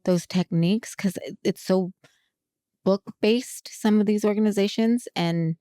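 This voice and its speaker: A woman's voice: mid-range voice, fairly even intonation, measured pace, warm tone, smooth, no room sound, studio quality. A woman in her forties hosting a podcast, chatting expressively and laughing often. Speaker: podcast host. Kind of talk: casual podcast interview.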